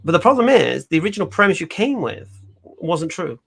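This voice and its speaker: Host, male, fairly high voice, rambling and chatty. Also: big pitch swings, brisk, vocal fry, fairly bright tone, husky, faint music behind. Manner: chatty, repeats himself, laughs often. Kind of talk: casual conversation.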